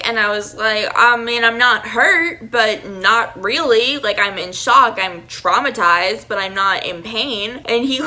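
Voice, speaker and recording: A young woman telling a storytime vlog in a chatty, animated way, full of "like" fillers. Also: medium pitch. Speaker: vlogger.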